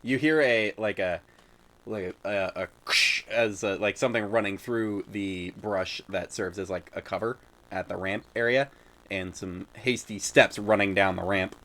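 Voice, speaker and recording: A young man narrating as dungeon master in a loose, halting way, with many fillers and sounds he makes with his mouth. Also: on the low side, fairly bright tone. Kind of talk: narrating a tabletop game.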